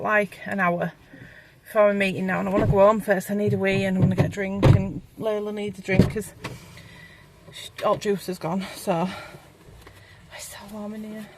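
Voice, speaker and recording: Chatty mum vlogging. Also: female voice, mid-range voice, heavy background noise. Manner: chatty, rambling, laughs often. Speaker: family vlogger. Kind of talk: casual vlog chat. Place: car, then home bathroom.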